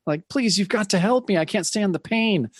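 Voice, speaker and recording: Co-host reads an injured young man begging; pitched up, whimpering. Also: moderate pace, slightly rough, dry recording, studio quality. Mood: pained. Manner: whimpering, pleading.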